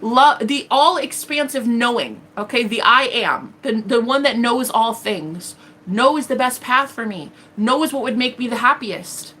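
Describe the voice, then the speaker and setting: Bright-voiced, defiant woman. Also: fairly high pitch, unhurried. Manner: blunt, profane and defiant, tells stories with quoted voices. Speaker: tarot reader and livestream host. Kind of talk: casual livestream monologue.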